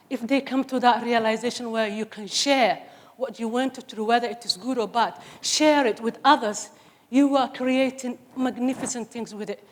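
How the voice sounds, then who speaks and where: Somali-accented woman speaking in a reverberant hall. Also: on the high side. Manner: earnest and emphatic, with humorous asides. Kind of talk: personal testimony talk. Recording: long hall reverb on stage.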